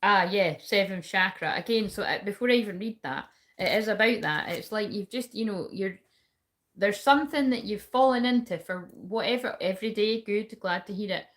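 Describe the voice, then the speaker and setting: A woman's voice: mid-range voice, normal speed, fairly bright tone. A woman giving a livestreamed tarot reading, chatting casually with her viewers and swearing freely. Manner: talks to viewers and chat while reading cards. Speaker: tarot reader.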